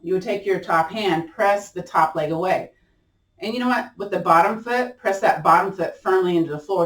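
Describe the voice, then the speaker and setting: A woman instructor leading a gentle chair yoga class, chatty and playful, often laughing and encouraging. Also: fairly low pitch, recorded from a distance. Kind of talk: guided exercise class. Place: room at home. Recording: roomy sound from off-mic.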